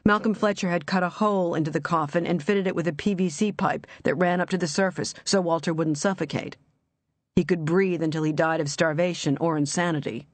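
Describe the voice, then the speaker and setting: Measured woman narrating an audiobook. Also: low-pitched, dry recording.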